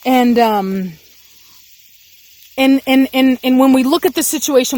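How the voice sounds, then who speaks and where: A woman's voice: high-pitched, a little slow, long pauses, a little mellow, dry recording. Angry impassioned woman dog breeder. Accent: Texan. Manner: angry, impassioned, repeats herself. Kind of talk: emotional vlog rant.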